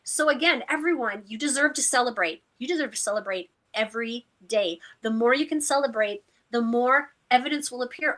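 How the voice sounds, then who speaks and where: A woman's voice: on the high side, fairly quick, hardly any pauses, a bit bright. A woman co-host in a casual chat, upbeat, encouraging and effusive.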